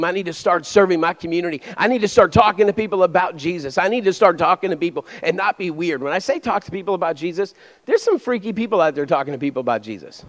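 A man with a high voice preaches to his church, moving between fervent exhortation and casual, confiding asides. The long reverb of a large hall trails after his words. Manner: energetic preaching that swings between loud exhortation and quiet conversational asides. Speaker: pastor. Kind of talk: sermon.

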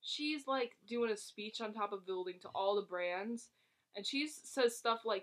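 A woman's voice: medium pitch, measured pace. A woman casually recapping a movie plot for a co-host, rambling and giggling, with lots of fillers and restarts. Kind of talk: casual chat.

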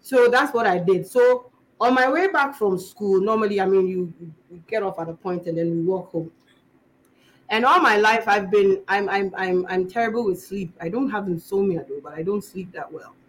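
A young woman with a Ghanaian English accent speaks in a medium-pitched voice at a moderate pace, chatting casually as a guest in an interview. She's an actress and storyteller who tells anecdotes in an animated way, acting out the voices of the people in them. The recording is rough, with a little hiss or hum.

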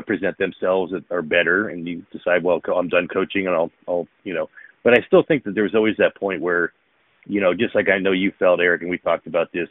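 A deep-voiced man, formerly a pro baseball player, co-hosts a casual talk-show podcast. He rambles with many fillers and restarts, and the recording has no echo but a narrow, phone-like quality.

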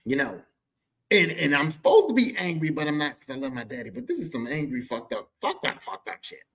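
Male podcast host, profane comic storyteller, lively, slightly high voice. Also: brisk, breathy edge. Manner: profane, animated, rambling. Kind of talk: comedic personal storytelling.

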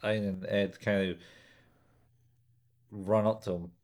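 A man with a fairly low voice chats casually, recapping a story in a loose, rambling way. He slips into quick acted-out lines and laughs as he goes. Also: flat delivery, a little mellow. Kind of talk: casual chat recapping an episode.

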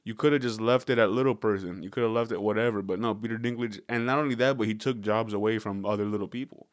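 A man's voice: on the low side, fairly even intonation, quick pace, no room sound, clean studio sound. A young man hosting a podcast, rambling casually with jokes and swearing. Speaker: podcast host. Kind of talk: casual comedic podcast chat.

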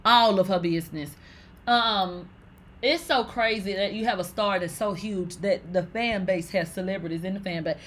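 A woman giving casual, animated pop-culture commentary, profane and dramatic, with exclamations. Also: mid-range voice, moderate pace.

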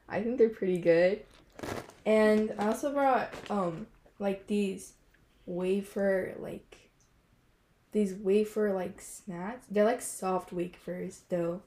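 Teen girl podcast co-host, unhurried and halting, casual chat. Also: mid-range voice, mellow. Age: teens. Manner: slow, hesitant, many fillers and giggles.

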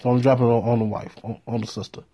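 Husky guy with a mellow voice, chill and cussing his way through a story. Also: medium pitch, racing. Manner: laid-back, swearing, deadpan punchlines. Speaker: storyteller host. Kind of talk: casual profane storytelling.

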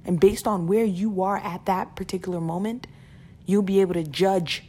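A woman's voice: mid-range voice, fairly even intonation, moderate pace, dark tone, slightly rough. Earnest chatty woman giving a pep talk. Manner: earnest, repeats words, laughs between points. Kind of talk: casual motivational talk.

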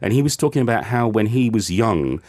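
A man's voice: lowish voice, very animated, a little fast, darkish tone. A man hosting a casual book chat, earnest and enthusiastic, with plenty of ums. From United Kingdom. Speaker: podcast host reviewing a book. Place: lives in Korea.

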